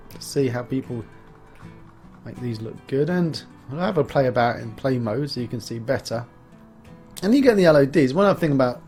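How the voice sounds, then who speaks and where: Playful, chatty man, slightly high voice. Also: darkish tone. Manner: chatty and playful, jokingly greets the models as little fellas. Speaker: game developer and asset reviewer. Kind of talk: casual software review over screen capture.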